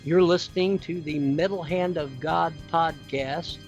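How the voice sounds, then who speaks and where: A man's voice: a little high, fairly even intonation, unhurried. A man, an actor, reading a playful, punchy scripted promo for a podcast. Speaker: actor recording a show promo. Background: music.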